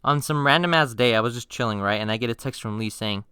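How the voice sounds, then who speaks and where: A young man telling funny stories on his channel in a slangy, swearing casual style, with bursts of mock-outraged yelling. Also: fairly low pitch, fast, hardly any pauses, clear, resonant tone, no echo, clean studio sound. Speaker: storytime youtuber. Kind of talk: casual storytime narration.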